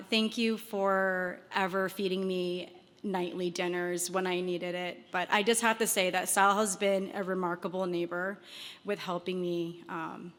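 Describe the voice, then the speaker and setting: A woman speaking as a neighbor giving a tribute at an award event, nervous and emotional, with many pauses and ums. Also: lowish voice, fairly bright tone. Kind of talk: nervous heartfelt award speech. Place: event hall. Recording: long hall reverb.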